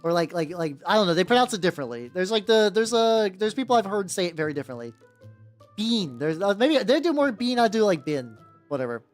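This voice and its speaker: A man with a higher-register voice streaming as he paints miniatures, chatting casually with viewers and rambling with lots of "like" and restarts. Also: very animated, fast talker, hardly any pauses, faint music behind. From United States. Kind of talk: casual livestream chat.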